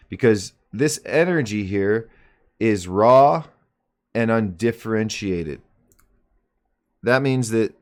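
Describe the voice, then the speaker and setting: Guy in his 40s running a live stream, low voice, unhurried, chill and jokey. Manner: relaxed, joking, explains in plain terms. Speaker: host of a live mindset stream. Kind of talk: live stream talk and teaching.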